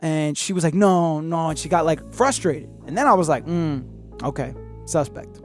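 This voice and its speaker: A man hosting a podcast, telling a story in a rambling, profane, animated way and acting out what people said. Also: fairly high pitch, moderate pace, soft background music. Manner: profane, rambling, animated retelling with acted-out quotes. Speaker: podcast host. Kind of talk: casual storytelling.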